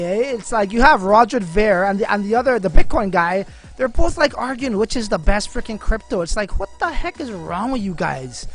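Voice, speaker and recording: A male livestream host with a high, fairly bright voice chats casually and directly with viewers over faint music. His talk is slangy and full of fillers, and he calls his audience "man" and "bro."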